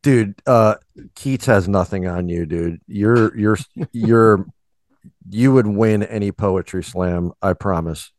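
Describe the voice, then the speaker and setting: A man's voice: on the low side, slow pace, a little mellow, dry recording, studio quality. A man co-hosting a podcast in casual chat, laid-back and teasing, often saying "dude.". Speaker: podcast co-host.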